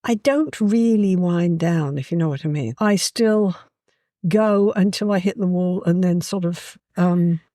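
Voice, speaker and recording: Speaking in a lowish voice and taking her time, the Englishwoman shares casual stories as a guest, warm-hearted and lively, with plenty of "you know." No echo is heard, and the quality is studio-grade.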